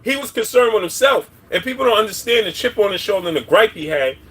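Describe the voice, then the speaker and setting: A man's voice: high-pitched, lively intonation, quick pace, a bit bright, slightly rough. A man hosting a casual livestream, giving opinions on boxing in a rambling way and greeting viewers by name. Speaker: boxing commentary livestream host.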